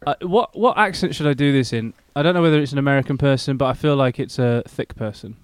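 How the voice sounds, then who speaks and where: A man's voice: medium pitch, fast, smooth, no echo. A man co-hosting a podcast, leading into segments in a dry, hesitant way. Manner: dry, hesitant lead-ins with fillers. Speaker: podcast co-host. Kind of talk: casual chat.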